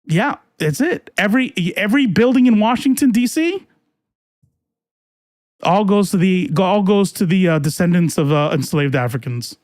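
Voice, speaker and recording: A man's voice: high-pitched, expressive, normal speed, a little mellow, no room sound, studio quality. A man doing casual live-stream political commentary, reading chat and ranting in a heated, profane, rambling way with many restarts.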